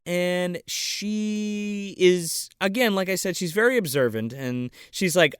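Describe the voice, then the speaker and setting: A man co-hosting a casual comedy movie podcast, talking crudely and excitedly and acting out characters in silly voices. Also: high voice, slow pace, few pauses, clear, resonant tone, no room sound, clean studio sound. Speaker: podcast co-host.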